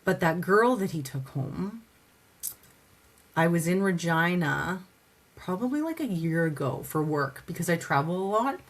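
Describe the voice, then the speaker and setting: Her voice is lowish and a little slow. She is a Canadian advocate guesting on a podcast, recounting her story in a relaxed, lively way, voicing out dialogue and scattering "like" fillers throughout.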